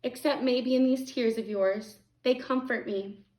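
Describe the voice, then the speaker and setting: A woman's voice: on the high side, steady tone, measured pace, pitched above the performer's own voice, natural voice. A woman voicing a grieving old woman. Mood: tender. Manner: soft, tender pleading. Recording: echoey room.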